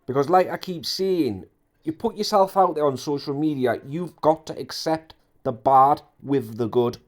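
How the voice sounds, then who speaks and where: A man's voice: a little high, normal speed. A man delivers heated commentary on internet drama in a slightly raised register. He hammers his points with repetition and indignant emphasis. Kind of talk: ranting commentary.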